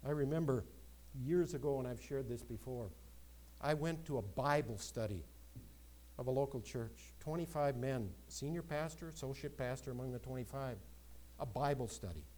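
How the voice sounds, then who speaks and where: A man preaching a sermon, swinging between loud emphatic exclamations and quieter asides. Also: mid-range voice, normal speed, rough recording. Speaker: pastor.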